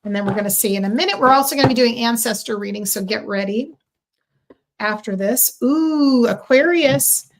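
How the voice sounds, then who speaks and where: A woman's voice: fairly high pitch, moderate pace. A woman reading tarot and astrology on a live stream, chatty and effusive, talking straight to her viewers with many ums and okays. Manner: chatty and effusive, frequent ums and "okay", addressing viewers directly. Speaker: livestream tarot and astrology reader.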